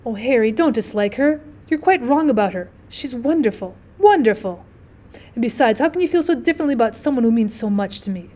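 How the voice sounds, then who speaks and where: An earnest young wife pleads softly with her husband, as a woman reads her lines. The voice is a touch high and speaks with warm urgency. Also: expressive, brisk. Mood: pleading. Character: eager, adoring young wife.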